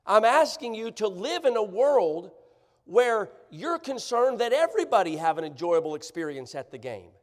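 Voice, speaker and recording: A man preaching a sermon, sarcastic and animated, often checking that the congregation follows him. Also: sits high. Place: church sanctuary. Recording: church livestream, long hall reverb.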